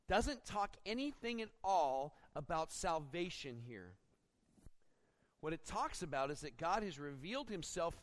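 Male pastor, higher voice, expository sermon with acted asides. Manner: expository preaching with acted-out quotes; animated, rising when dramatizing.

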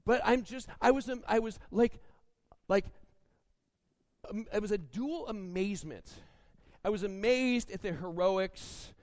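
High-voiced, animated male preacher. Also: dry recording. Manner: animated, chatty storytelling with frequent restarts. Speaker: pastor. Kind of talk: sermon with personal story.

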